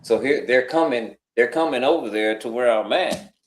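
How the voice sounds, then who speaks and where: A guest on a live talk stream, a man with a medium-pitched voice, tells a long story casually at a moderate pace. He acts out other people's lines in altered voices, and the room echoes noticeably.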